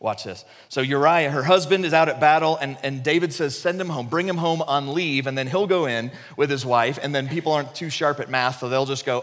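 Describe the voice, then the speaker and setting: A man preaching a conversational sermon, retelling the story animatedly and dropping his voice low for emphasis. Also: a little fast, hardly any pauses, fairly bright tone, long reverb tail.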